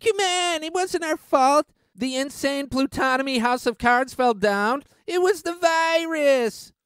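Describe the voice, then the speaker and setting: A man's voice: very high-pitched, a little slow, fairly bright tone, no room sound, clean studio sound, pitched above the performer's own voice. A man voicing a smug, scheming male plutocrat in a sarcastic, whiny tone. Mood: mock innocent.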